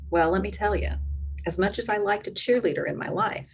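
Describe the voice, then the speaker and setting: A woman's voice: mid-range voice, expressive, moderate pace, gravelly, slight background noise. A middle-aged woman, a clinical psychologist, giving an educational talk to parents and explaining her points step by step. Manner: explains step by step, acting out quoted voices for examples.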